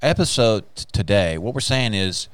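Very deep smooth-voiced man, preacherly. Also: animated, normal speed, a bit bright, no room sound. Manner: emphatic, exclaims hallelujah and praise the Lord. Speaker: podcast host. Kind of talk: casual faith podcast chat, preacher-like.

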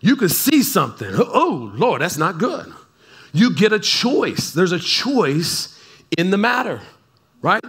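High, bright-voiced man preaching conversationally. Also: sing-song, slow pace, husky. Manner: chatty, keeps checking in with the crowd, playful asides. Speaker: pastor. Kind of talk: conversational sermon. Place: church service in front of a congregation.

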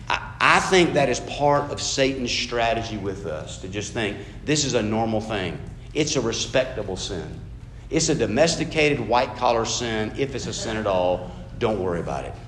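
A man preaching a sermon in a casual, conversational way, acting out the voices of the people in his examples. His voice sits at a middle pitch and rings in a roomy church space with faint noise behind it. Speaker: pastor. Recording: echoey room with faint noise.

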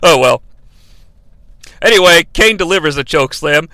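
A man's voice: high-pitched, lively intonation, normal speed, sharp tone, dry recording. A man hosting a podcast, recapping wrestling in a sarcastic, jokey way with many asides. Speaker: podcast host. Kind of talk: comedic recap narration.

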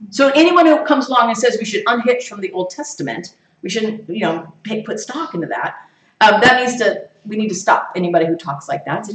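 A woman's voice: medium pitch, a little fast. Lady teaching bible study, asks the room questions, laughs a lot, echoey room, mic kinda far. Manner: animated, asks the group questions and laughs often.

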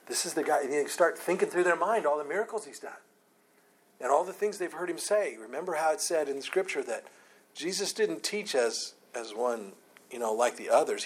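A man's voice: a little high, husky, rough recording. A man leading a conversational Bible study, earnest, often restarting and repeating words as he explains a scripture passage. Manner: reads scripture aloud. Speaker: Bible teacher.

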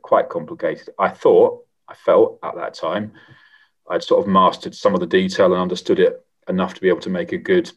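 A middle-aged man, a former member of parliament, answering interview questions in a measured, reflective way with frequent pauses and restarts. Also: low voice, breathy edge. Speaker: former MP, guest.

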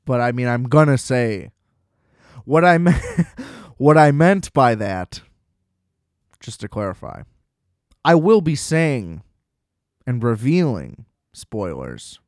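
A man's voice: medium pitch, a little mellow, no echo, studio quality. A man co-hosting a casual movie podcast. He rants with a lot of swearing and laughs at his own complaints. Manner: ranting, profane, laughing at his own gripes. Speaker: podcast co-host.

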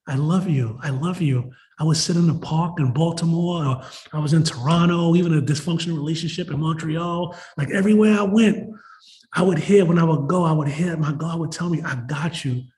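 A man tells his recovery story at a meeting. His voice sits a little high, and he talks in an emotional, rambling way, full of "you know" and "like." He speaks openly, as a personal testimony. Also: a little mellow. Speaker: recovery meeting member sharing.

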